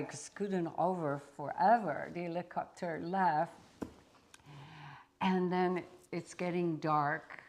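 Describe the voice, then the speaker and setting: Brief: woman teacher, slow unhurried parable telling, lowish voice. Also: darkish tone. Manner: slow, deliberate storyteller. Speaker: spiritual teacher. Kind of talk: storytelling satsang talk.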